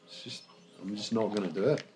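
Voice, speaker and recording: A man's voice: on the low side, fast talker, darkish tone, poor audio. A Scottish man chatting bluntly and swearing a lot while playing a co-op video game. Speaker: gaming co-host. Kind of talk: casual let's-play banter.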